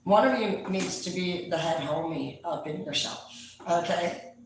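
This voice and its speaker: A woman's voice: lowish voice, a little slow. Foul-mouthed woman, echoey distant mic. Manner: profane, loud, animated storyteller. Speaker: tarot reader. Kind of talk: casual rambling chat to viewers. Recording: echoey room, distant mic, faint noise.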